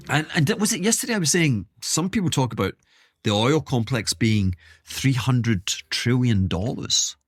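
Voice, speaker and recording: A man's voice: mid-range voice, expressive, measured pace, husky, dry recording, clean studio sound, soft background music. Rambling man hosting a solo podcast. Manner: rambling, self-interrupting, wry asides. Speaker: podcast host. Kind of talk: casual solo monologue.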